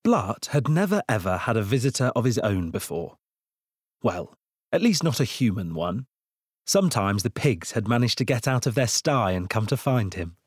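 A man narrating a children's storybook in an expressive, unhurried reading. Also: lowish voice, husky, no echo, clean studio sound. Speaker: audiobook narrator.

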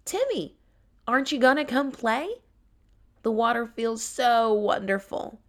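A woman's voice: fairly high pitch, expressive, measured pace, pitched above the performer's own voice. A woman voicing a cheerful, caring young female tiger in a storybook. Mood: playful.

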